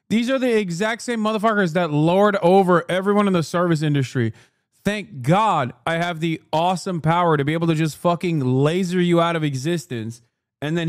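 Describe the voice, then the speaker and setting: A man in his thirties rants on a live stream, brash, sarcastic and profane. His voice sits fairly high. The mic is close and dry, with no room echo. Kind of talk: casual profane livestream rant.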